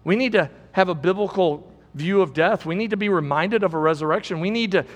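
A man's voice: sits high, brisk, long reverb tail. A man preaching a sermon as pastor, emphatic and repetitive, asking the congregation rhetorical questions.

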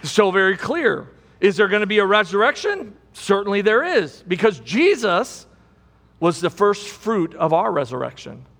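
A man's voice: high-pitched, big pitch swings, moderate pace, fairly bright tone, long reverb tail. A man preaching a sermon as pastor, emphatic and repetitive, asking the congregation rhetorical questions.

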